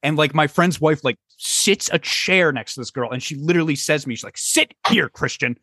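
A young man telling a story in casual chat, lively and acting out the voices of others. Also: on the high side, fairly quick, no room sound, studio quality. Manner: animated, acts out voices in his story. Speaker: podcast guest telling a story.

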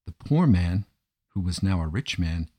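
A man narrating a traditional folk tale in a measured, gentle way. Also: low-pitched, expressive, slightly rough. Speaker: storyteller. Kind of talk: storybook narration.

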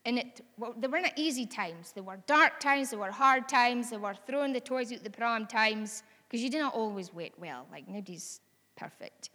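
A Scottish woman preaches with a fairly high voice, chatty and earnest by turns, pushing toward bold exhortation. Her words ring out in a long reverberant hall. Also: animated, moderate pace, sharp tone. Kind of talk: sermon.

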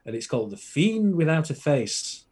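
A man's voice: on the high side, big pitch swings, moderate pace, a little mellow, breathy edge. A man chatting as a podcast guest, enthusiastic and rambling with plenty of fillers. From Britain. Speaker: podcast guest, film collector. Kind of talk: casual chat.

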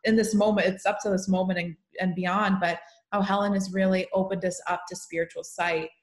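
A young woman hosting a live conversation, speaking softly and reading poems aloud in a slow, tender way. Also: mid-range voice, little pitch movement. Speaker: host. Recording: echoey room.

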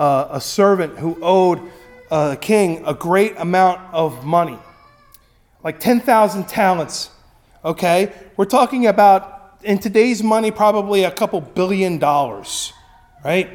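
A man preaching a sermon with a notably high-pitched voice. He talks conversationally and often checks in with his listeners as he teaches. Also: unhurried, darkish tone. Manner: conversational, with frequent tag questions. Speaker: pastor.

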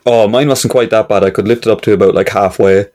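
A man's voice: lowish voice, fairly even intonation, fast, darkish tone. A young man co-hosting a podcast with his father, dry and wry, swearing casually. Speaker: podcast co-host, son. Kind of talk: casual chat.

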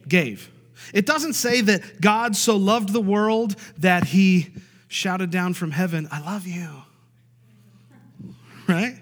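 A man preaching with a high-pitched, emphatic delivery, driving points home by repeating them and asking for amens. His voice rings out with the long reverb of a large church hall. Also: slow pace, pauses often. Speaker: pastor. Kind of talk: sermon.

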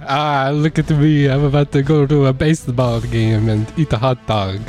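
A man's voice: medium pitch, steady tone, normal speed, darkish tone, soft background music, close to an everyday voice. A man doing a Frenchman faking American. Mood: mocking.

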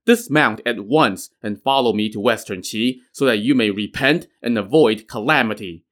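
A man's voice: mid-range voice, normal speed, a bit bright, close to an everyday voice. A man voicing a stern, wrathful old male Taoist master who scolds and commands his pupil. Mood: scolding.

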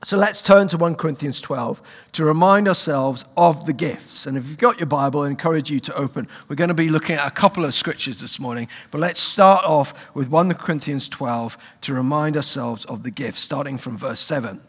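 A man's voice: a little high, fairly quick, breathy edge, big-room sound. A British man preaching a sermon, telling a personal story with humour. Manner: humorous, animated storyteller. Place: church.

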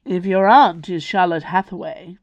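A woman voicing a male lion-faced beast, a drawling, condescending gentleman librarian in a storybook reading. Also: on the low side, normal speed, no room sound, lo-fi sound, close to an everyday voice.

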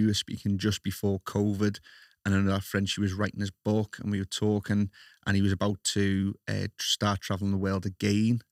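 A man's voice: lowish voice, dry recording. Scouse man hosting, dry close sound. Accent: Liverpool Scouse. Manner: friendly, chatty, stumbles and laughs at himself. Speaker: podcast host. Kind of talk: casual podcast interview.

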